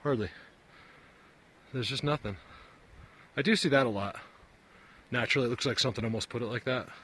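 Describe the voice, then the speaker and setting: A man talks to his camera while walking through the woods, winded and rambling. His pitch sits in the middle of the range, and he repeats himself as he gets worked up. Faint outdoor noise runs under his voice. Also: a little fast, a bit bright. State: out of breath. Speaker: vlogger searching for Bigfoot signs. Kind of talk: casual walking commentary. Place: outdoors in a forest.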